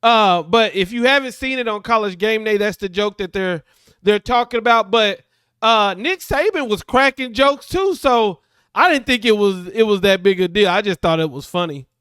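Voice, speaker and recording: A man's voice: high-pitched, animated, fairly bright tone, clean tone, no echo, studio quality. A man hosting a show and reacting to football in casual, slangy, emphatic commentary. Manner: emphatic, slangy, drawn-out repeats. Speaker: podcast host reacting.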